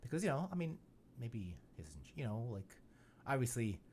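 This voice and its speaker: A man's voice: mid-range voice, big pitch swings, moderate pace, a little mellow, slight background noise. A man hosting a podcast in casual chat, rambling and joking with lots of "you know" fillers. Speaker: podcast host.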